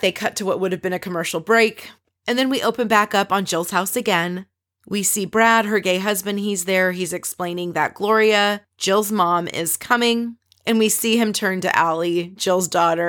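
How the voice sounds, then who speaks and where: Chatty woman recapping a reality show. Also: on the low side. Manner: chatty, opinionated storytelling with asides. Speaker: recap podcast host. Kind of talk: casual recap chat.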